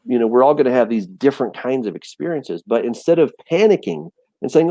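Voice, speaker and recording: A man in a casual Bible discussion, animated and storytelling, often repeating words as he restarts. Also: medium pitch, normal speed, no echo. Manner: animated storytelling, acts out voices and quotes. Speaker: teacher of a Bible study show.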